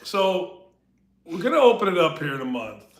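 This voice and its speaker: A man hosting a casual sports podcast, animated and jokey, sometimes speaking straight to the listeners. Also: high-pitched, moderate pace, reverberant. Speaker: podcast host.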